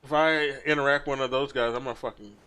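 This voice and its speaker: A man's voice: mid-range voice, steady tone, fast talker, pushed and bright, clear, resonant tone. Crude ranting man mocking on stream. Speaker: streamer reacting to a video. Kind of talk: casual profane commentary.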